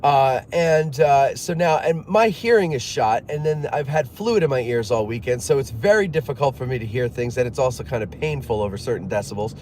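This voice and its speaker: A man's voice: mid-range voice, animated, a little mellow, a little hiss or hum. A man telling a long, exasperated personal story in a casual monologue, rambling and quoting other people as he goes. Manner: rambling, exasperated, acts out others' lines in quick quotes; frequent fillers and restarts, sighs.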